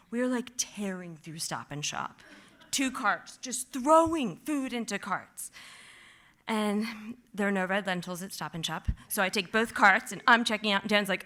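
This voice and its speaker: A woman telling a personal story on stage at a live storytelling event, animated and vivid, peppering her talk with "like" and acting out her own panic. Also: medium pitch, normal speed. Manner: animated, vivid, heavy use of "like"; acts out her own past panic in quotes.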